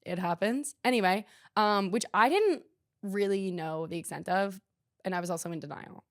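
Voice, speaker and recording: With a medium-pitched voice recorded at studio quality and no room sound, a young woman hosting a podcast spins a rambling, self-deprecating tale, leaning heavily on "like" in relaxed chat.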